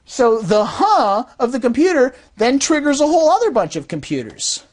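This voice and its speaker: A woman who designs fraud detection systems explains in an animated way and acts out quoted voices as she goes. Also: sits high, normal speed. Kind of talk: explanatory talk.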